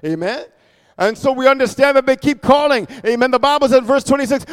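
High-voiced preacher man, sing-song and fiery. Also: quick pace, smooth, big-room sound. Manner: sing-song scripture reading broken by shouted mocking asides and laughs. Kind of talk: sermon.

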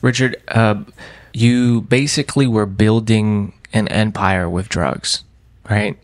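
A man interviewing a guest about his faith, asking slow, measured questions. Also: fairly low pitch, fairly even intonation, no room sound.

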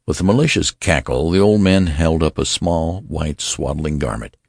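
A male narrator reading a story in a very deep voice with a gravelly, husky grain. His delivery is expressive and animated. The recording is dry and close to the mic. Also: moderate pace, no echo. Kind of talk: audiobook narration.

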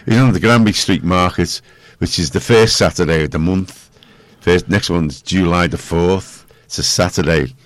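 A man's voice: low voice, normal speed, few pauses, no room sound. A man hosting a local radio show, chatting casually in a rambling, jokey way. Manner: rambling, jokey, self-mocking. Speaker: radio host.

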